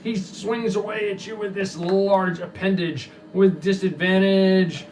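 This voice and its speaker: A man acting as game master, narrating a tabletop game on a live stream with brisk rules talk and playful sound effects. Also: high-pitched, fairly even intonation, darkish tone, slight background noise.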